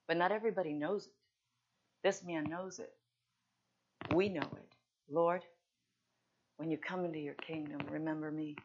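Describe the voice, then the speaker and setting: A woman preaching a sermon with passion, swinging from hushed, slow phrases to loud, emphatic peaks. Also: fairly low pitch. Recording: dull lo-fi recording.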